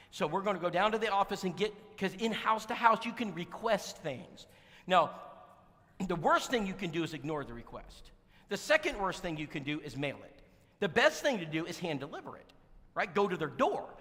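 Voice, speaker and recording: Lively preacher in a reverberant hall. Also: male voice, sits high. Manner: animated, folksy, emphatic. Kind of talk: sermon storytelling. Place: church sanctuary.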